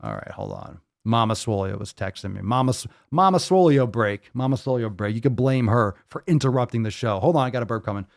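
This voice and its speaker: A man's voice: mid-range voice, very animated, a little fast, vocal fry, hardly any pauses, no room sound, clean studio sound. A man hosting a podcast, chatting casually about training and food in a loose, profane, rambling way. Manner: profane, loose and rambling, with sudden loud outbursts. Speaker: podcast host.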